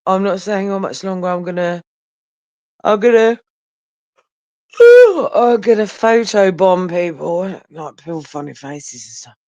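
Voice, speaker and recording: A man's voice: sits high, moderate pace, darkish tone, no room sound. A man, chatting casually and tiredly to viewers on a livestream, rambling and swearing, holding the phone very close. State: tired and yawning. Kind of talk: casual live chat with viewers. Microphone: phone held very close. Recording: dull, lo-fi, dry phone audio.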